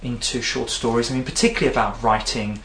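Man, interviewer, mid-pitched voice, echoey room, faint hum, careful questions. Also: fast talker, fairly bright tone. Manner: inquisitive, qualifies his questions. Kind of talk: conversational interview.

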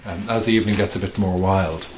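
A man's voice: deep voice, steady tone, fast, noisy background. A middle-aged male author being interviewed, talking thoughtfully with hesitations and restarts. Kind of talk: reflective conversational interview.

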